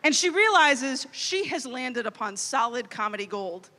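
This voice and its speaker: A woman in her thirties from Louisiana, telling a funny story as a youth conference speaker, animated and playful. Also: high-pitched, a little slow. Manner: animated, comic storytelling with quoted inner voices. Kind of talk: storytelling keynote talk. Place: large hall. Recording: long hall reverb.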